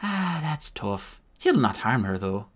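A man voicing a young, ancient warrior woman with a soft Irish lilt, curt and dry in a storybook audiobook. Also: medium pitch, big pitch swings, takes it slowly, husky, exaggerated voice. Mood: dismissive. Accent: Irish, put on.

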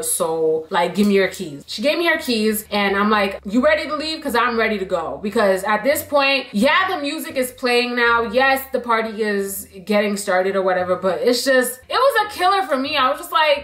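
A young woman telling a storytime in a casual chat, blunt and slangy and animated, cursing freely. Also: a little high, normal speed, hardly any pauses. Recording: roomy echo.

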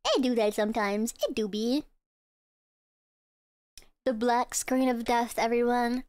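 A woman streamer giving excitable, giggly live commentary on a game, swearing freely. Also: on the high side. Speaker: VTuber streamer.

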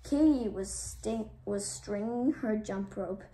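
A woman reading a children's chapter book aloud in a steady, measured narration. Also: medium pitch. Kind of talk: storybook read-aloud. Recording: roomy, distant mic, faint noise.

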